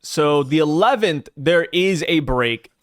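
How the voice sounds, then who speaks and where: A man co-hosting a podcast in a lively, animated voice, recorded dry and close. He cracks crude jokes and then slows down to explain release dates. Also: a little high, dry recording. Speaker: podcast co-host. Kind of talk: casual chat.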